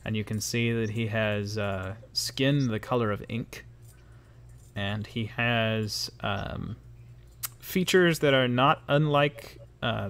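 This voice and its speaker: A man's voice: fairly low pitch, fairly bright tone. A man running a tabletop game, narrating scenes in a descriptive way with many fillers and hedges. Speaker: game master.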